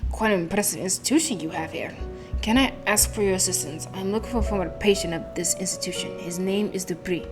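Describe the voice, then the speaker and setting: A woman plays through a story game, reading its narration and dialogue aloud and dropping casual comments in between. Her voice sits at an ordinary middle pitch. Game music plays clearly behind her. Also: quick pace. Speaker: gaming channel host.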